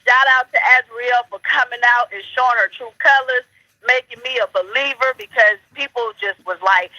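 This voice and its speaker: Woman caller, trash-talking, preachy, bright voice, phone line. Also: fairly high pitch, moderate pace, no room sound. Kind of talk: heated call-in commentary.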